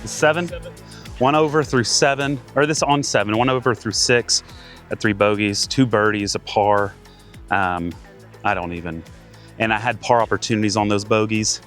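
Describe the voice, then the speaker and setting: Excitable man narrating his golf round. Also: lowish voice, moderate pace, faint music behind. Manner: excitable, talks to himself between shots. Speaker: golf vlogger. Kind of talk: casual play-by-play on the course. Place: outdoors on a golf course.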